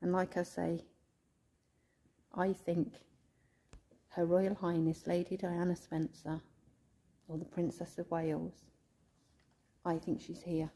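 A woman ghost hunting in a church, softly pleading and coaxing as she calls out to a spirit, at times emotional. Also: fairly low pitch, little pitch movement, slow, long pauses, slightly rough. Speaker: ghost hunter vlogger. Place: inside a church.

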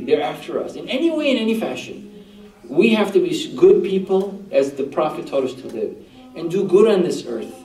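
A man's voice: high voice, warm tone. A man giving a religious talk to a group, often putting questions to the listeners. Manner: rhetorical questions to the audience. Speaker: religious teacher. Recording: echoey room, voice far from mic.

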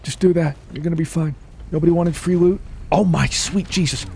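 A man commentating his own gameplay as a video host, joking around and breaking into sudden high yelps. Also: a little fast, creaky, warm tone, slight background noise. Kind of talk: let's play commentary.

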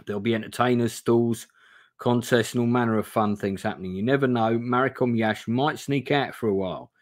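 Man doing grumpy stablekeeper, plain tone, middle pitch, giving warnings. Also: fairly even intonation, a little fast, natural voice. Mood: advising. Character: gruff older male stablekeeper giving advice.

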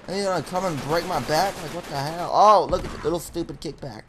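A man's voice: fairly high pitch, slight background noise. A young man ranting and swearing angrily while commentating live on a shooter game. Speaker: gaming commentator. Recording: music and gunfire behind.

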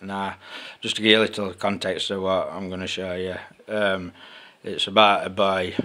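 Low-voiced man talking casually to camera. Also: little pitch movement, pushed and bright. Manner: plain, halting, informal. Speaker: video uploader. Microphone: camera mic.

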